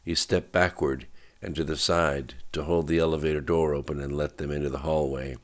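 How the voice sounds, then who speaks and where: A man narrating a novel, reading the prose in a steady, even storytelling voice. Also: very deep voice, a little fast. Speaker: audiobook narrator. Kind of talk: scripted narration.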